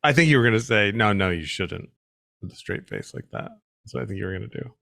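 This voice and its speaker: A man's voice: lowish voice, lively intonation, rapid-fire, gravelly, bright, forceful tone. A man hosting a casual interview, laughing often and speaking hesitantly with many fillers. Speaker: podcast host.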